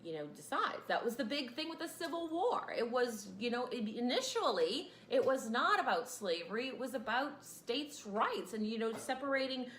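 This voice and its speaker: A woman's voice: on the high side, animated, moderate pace, hardly any pauses, fairly bright tone, echoey room, a little hiss or hum. A woman, teaching a casual class and rambling into chatty asides.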